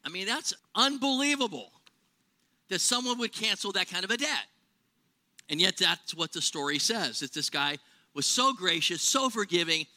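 A man's voice: high voice, expressive, normal speed, bright, forceful tone. A man preaching a sermon in a conversational way, asking rhetorical questions and exaggerating for humor. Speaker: pastor.

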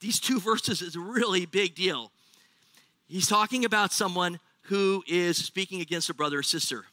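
A man's voice: high-pitched, moderate pace, pushed and bright, no echo. A man with an American accent preaching a sermon to his church, joking with the congregation and asking them questions. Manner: jokey, asks the crowd questions. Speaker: pastor.

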